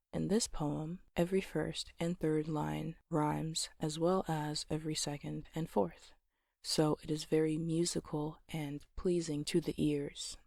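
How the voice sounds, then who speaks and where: A soft-spoken poetry host talks through syllables and stress, often sinking into a near whisper. The pace is slow and the pitch stays level and calm. The sound is close and dry, with no room echo. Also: gravelly. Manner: gentle, patient explaining with light laughs.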